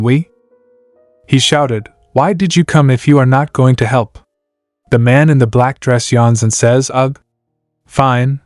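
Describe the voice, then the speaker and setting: A man's voice: medium pitch, dry recording. A man narrating a comic story and reading every character's lines himself, sound words included, in a dry close recording with faint music behind.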